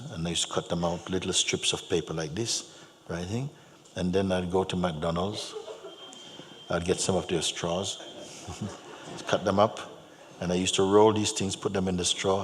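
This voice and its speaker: A man giving a spiritual talk to an audience, telling stories gently and repeating his phrases, with soft laughs. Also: deep voice. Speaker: spiritual teacher. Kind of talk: spoken teaching to an audience. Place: large hall. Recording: long hall reverb, faint hum.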